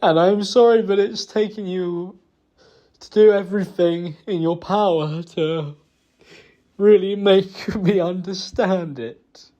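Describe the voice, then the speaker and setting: A man making a halting, remorseful apology in a private recording, with many pauses and restarts. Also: high-pitched, mellow. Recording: dull lo-fi recording.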